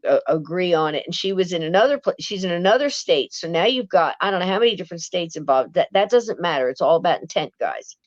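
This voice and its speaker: A woman's voice: on the low side, no echo, dull audio. A woman telling a paranormal story in casual chat, restarting often and acting out what others said. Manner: chatty, acts out quoted voices, frequent restarts. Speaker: guest, paranormal author.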